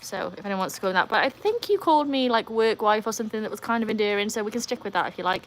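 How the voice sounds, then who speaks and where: A woman's voice: mid-range voice, animated, racing. A woman from North Yorkshire with a Yorkshire accent, hosting a live stream and chatting casually with wry, self-mocking asides. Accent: North Yorkshire English. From North Yorkshire, England. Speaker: livestream host.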